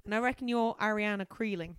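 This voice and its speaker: A woman putting on a deep, exaggerated Australian accent to voice a brash woman detective. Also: fast talker, fairly bright tone, clear, resonant tone, no room sound, studio quality, lightly acted. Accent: put-on Australian. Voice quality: put-on deep voice.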